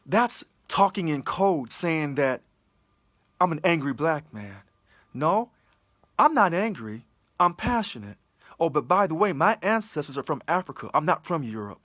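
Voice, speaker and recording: A man's voice: fairly high pitch, big pitch swings, measured pace, a bit bright, no echo, studio quality. A man giving an impassioned livestream address as a union election candidate, emphatic, full of repeated rhetorical questions. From California.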